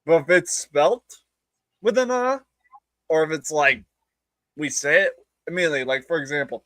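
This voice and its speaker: A man's voice: a little high, moderate pace, long pauses, fairly bright tone, no room sound. Rambling New England man, casual chat. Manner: rambling, jokey storyteller with restarts. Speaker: streamer host.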